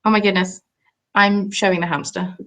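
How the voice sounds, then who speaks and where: A woman's voice: mid-range voice, flat delivery, normal speed, fairly bright tone. A young woman rambles cheerfully through a home live stream. She chats off the cuff, trails off and restarts, and keeps stopping to answer viewers' comments. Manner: chatty, rambling, reads out and answers chat comments. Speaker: craft YouTuber.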